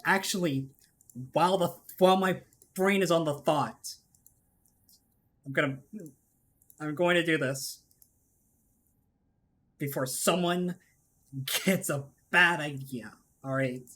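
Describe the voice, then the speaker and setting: A woman's voice: deep voice, moderate pace, long pauses, fairly bright tone. A woman streaming a video game live, chatting casually to her viewers in a rambling way, often repeating herself and breaking into laughs. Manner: rambling, laughing, self-interrupting. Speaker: VTuber streamer.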